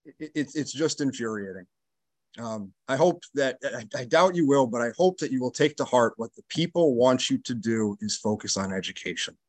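A man's voice: mid-range voice, lively intonation, normal speed, a little mellow, dry recording. A man giving a public comment at a school board meeting, exasperated and emphatic.

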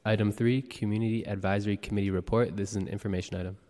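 A man serving as clerk, reading the roll and announcements briskly. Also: on the low side, steady tone, darkish tone. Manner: brisk and procedural. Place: city hall chamber. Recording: long reverb of a hall.

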